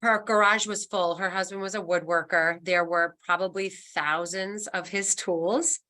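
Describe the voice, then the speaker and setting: A woman's voice: on the low side, fairly even intonation, measured pace, pushed and bright. A woman who works as a senior move manager, giving a webinar talk in an encouraging coaching manner. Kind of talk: webinar presentation.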